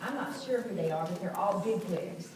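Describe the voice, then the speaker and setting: A woman's voice: medium pitch, lively intonation, normal speed, noisy background. A woman governor, giving a folksy speech to schoolchildren at an assembly, explaining things simply. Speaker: state governor. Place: school assembly hall, indoors. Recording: echoey hall from far off.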